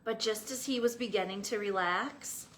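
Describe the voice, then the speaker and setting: A young woman, a children's librarian, reading a picture book aloud to young children with an expressive, engaging manner. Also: medium pitch, moderate pace. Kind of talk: children's storytime read-aloud.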